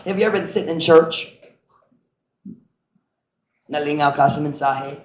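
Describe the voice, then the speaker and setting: A middle-aged man preaching a sermon as pastor, animated, acting out voices and sound effects and mixing in Cebuano phrases. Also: fairly high pitch, fairly quick, pauses often. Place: church sanctuary. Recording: echoey church room with faint noise.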